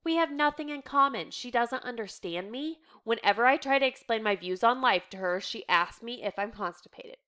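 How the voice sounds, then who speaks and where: A woman's voice: on the high side, animated, moderate pace, hardly any pauses, sharp tone. A woman reading as an upset teenage girl. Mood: pleading. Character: teenage girl, frightened and defiant.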